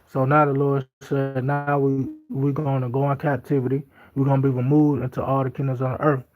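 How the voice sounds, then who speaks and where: A man's voice: medium pitch, flat delivery, a little fast, over music. A man teaching from the Bible in an informal talk. He reads scripture aloud, then comments in loose everyday speech, often repeating himself for emphasis. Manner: repetitive and emphatic. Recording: slightly dull lo-fi audio.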